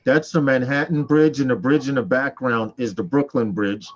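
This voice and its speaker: A man hosting a casual group chat show, talking fast and teasing his guests. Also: mid-range voice, dull audio. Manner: animated, teasing, fast talker. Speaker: host.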